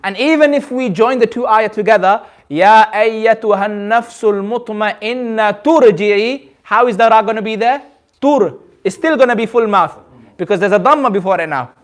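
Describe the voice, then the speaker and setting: A man with a notably high voice leads a recitation class in a community centre. He explains each rule slowly and patiently, repeats himself, and checks understanding with questions to the room. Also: lively intonation, fairly bright tone. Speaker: Quran recitation teacher. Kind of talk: classroom teaching.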